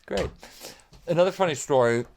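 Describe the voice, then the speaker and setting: This guest musician has a gravelly, somewhat high voice and a moderate pace, with slight background noise behind him. Telling podcast stories casually, he animatedly acts out quoted remarks, leans heavily on "like," and drops the occasional swear word.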